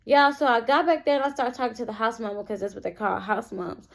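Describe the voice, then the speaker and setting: A young woman telling a storytime vlog, animated and constantly addressing her viewers directly. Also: on the high side, quick pace, creaky. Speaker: vlogger.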